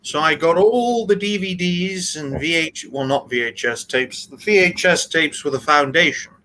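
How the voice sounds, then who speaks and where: A man from Wales, a guest on a casual live stream, talking in a halting way with many restarts and slightly formal phrasing. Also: a little high, sharp tone, slight background noise, poor audio.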